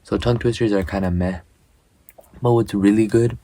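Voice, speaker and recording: A young man talks to camera in a loose, chatty vlog. His voice sits a little low and sounds mellow and warm. He rattles off tongue twisters, slips, and restarts without fuss. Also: steady tone, moderate pace, long pauses. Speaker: vlogger. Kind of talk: casual self-recorded practice vlog.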